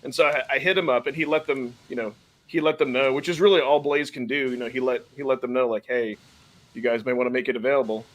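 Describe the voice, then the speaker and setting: A man's voice: mid-range voice, fairly even intonation, fast talker. A man hosting a casual podcast chat, chatty and laughing often, sometimes stumbling over names. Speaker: podcast host.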